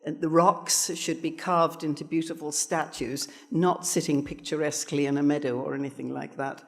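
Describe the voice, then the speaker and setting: A man's voice: on the high side, flat delivery, normal speed, creaky. A man on a panel, reflecting thoughtfully on a colleague, with hesitant restarts. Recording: long hall reverb.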